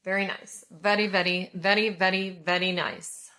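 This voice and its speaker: A woman's voice: fairly low pitch, level tone, moderate pace, bright, forceful tone. A woman in her forties from California, gushing to viewers in a casual chat while she reviews scented products. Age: 40s. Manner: gushing, effusive, talks to viewers. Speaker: haul vlogger.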